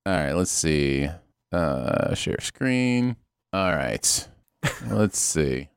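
A man co-hosting a podcast, talking in playful, animated casual chat and laughing easily. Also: a bass voice, drawn-out words, vocal fry, smooth. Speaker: podcast co-host.

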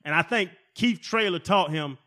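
A man in his forties, a former football player, telling profane, animated stories as a podcast guest. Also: sits high, moderate pace. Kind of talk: casual storytelling.

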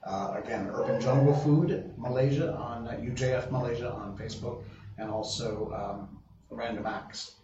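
A mid-range male voice at ordinary speed runs a laid-back live stream, rambling along, restarting what he says and reading viewers' comments aloud. The audio is lo-fi, dull and distant, with room echo and a little noise.

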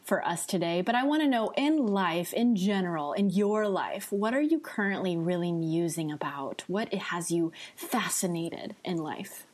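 A woman's voice: lowish voice, expressive, normal speed, few pauses, darkish tone. A woman hosting a podcast, talking in a gushing, enthusiastic way with her guest. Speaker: podcast host. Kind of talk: casual conversational interview.

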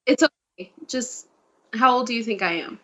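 A woman's voice: a little high, normal speed, a bit bright. Chatty young woman. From Mississippi, USA. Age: 20s. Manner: chatty, playful. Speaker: guest. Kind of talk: casual chat.

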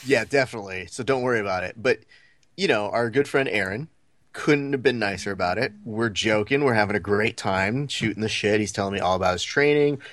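Lively low-voiced male podcast storyteller. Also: brisk, dry recording. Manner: animated storyteller, acts out quoted lines. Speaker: podcast co-host. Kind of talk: casual storytelling chat.

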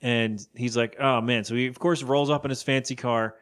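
A male podcast co-host rambles casually through an episode recap, acting out characters' lines in quick voices. His voice is mid-range with fairly even intonation.

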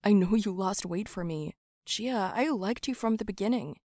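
A woman voicing a shy, gentle young man who loves plants, speaking softly and calmly. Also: medium pitch, moderate pace, no echo, studio quality, close to an everyday voice. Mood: tender.

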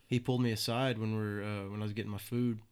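A man's voice: lowish voice, little pitch movement, quick pace, a little mellow, clean tone. A man in his twenties telling casual stories, loose and profane, often laughing at his own tales. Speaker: guest. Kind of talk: casual storytelling.

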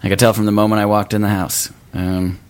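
A man's voice: flat delivery, fast, smooth, natural voice. A man voicing a grumpy grown uncle who openly dislikes his baby nephew, in an improvised comedy scene. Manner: blunt and grumbling, low and quiet.

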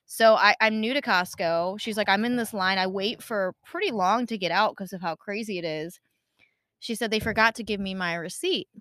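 A woman in her thirties tells a story on a casual podcast, acting out each person's lines with lively energy. Her voice is bright and forward, recorded close and dry. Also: mid-range voice, normal speed, no echo. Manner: animated storytelling, acting out quotes. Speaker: podcast co-host. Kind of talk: casual chat.

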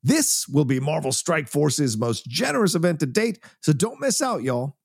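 A man's voice: fairly high pitch, lively intonation, moderate pace, gravelly, husky, dry recording, clean studio sound. A man co-hosting a podcast, reading a sponsor ad with a hyped, promotional delivery. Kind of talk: scripted sponsor read.

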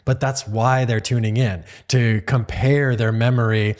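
A man's voice: mid-range voice, steady tone, a little slow, darkish tone. A man hosting an interview show, responding in an easygoing, thoughtful way. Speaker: podcast host. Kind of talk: casual interview talk.

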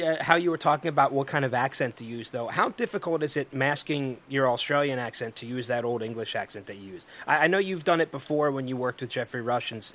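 A man's voice: mid-range voice, fairly bright tone. A male radio co-host asking questions in casual chat, eager and talking in long run-on sentences.

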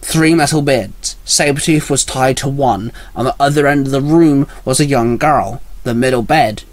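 A man's voice: medium pitch, normal speed, no echo. Man reading a story, dry close voice. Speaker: fan fiction narrator.

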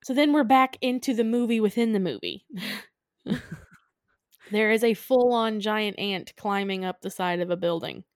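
A woman's voice: mid-range voice, moderate pace, no echo, clean studio sound. A woman co-hosting a casual podcast, retelling a movie's plot with playful acted-out quotes. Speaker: podcast co-host. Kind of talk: casual film recap chat.

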